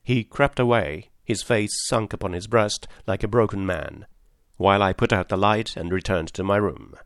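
Man narrating a story, measured formal delivery, low voice, dry close sound. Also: dry recording. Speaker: audiobook narrator. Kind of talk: scripted narration.

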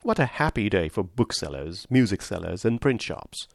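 A man voicing a reserved, quietly playful young gentleman in an audiobook reading of a classic novel. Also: fairly low pitch, sing-song, moderate pace, creaky, dry recording, clean studio sound, full character voice. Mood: teasing.

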